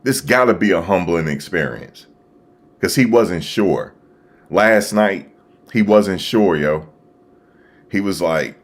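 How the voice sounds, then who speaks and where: A man hosting a live stream, talking casually and excitedly to his viewers, repeating himself as he reacts. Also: on the low side, slow pace. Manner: animated, repetitive, talking to chat viewers. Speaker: livestream host. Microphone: desktop USB microphone.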